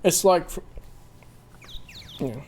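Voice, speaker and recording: A chatty man hosting a let's play, narrating his game as he goes. His voice moves in a lively, animated way, with a faint hiss behind it. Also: high voice, extremely slow. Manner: chatty, reads game text aloud. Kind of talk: casual game commentary.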